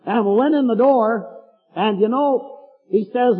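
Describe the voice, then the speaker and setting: Folksy older preacher, husky and high. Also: male voice, a little slow, in a large hall, phone-quality sound, faint music behind. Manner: folksy, storytelling, chuckling asides. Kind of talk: folksy sermon.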